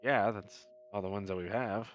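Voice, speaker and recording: Relaxed male game master, faint music. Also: lowish voice, moderate pace. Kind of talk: narrating a tabletop game.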